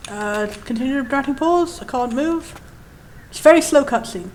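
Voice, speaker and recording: High-voiced, chatty young woman gamer. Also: lively intonation, moderate pace, a little mellow, slight background noise. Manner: chatty and enthusiastic, opinionated. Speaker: let's play host. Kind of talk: game commentary.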